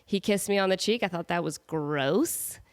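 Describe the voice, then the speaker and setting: A woman's voice: lowish voice, moderate pace. Nasal, sick woman podcaster. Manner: chatty, self-mocking, rambling asides. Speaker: podcast host. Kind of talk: casual solo podcast chat. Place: at home with her cat.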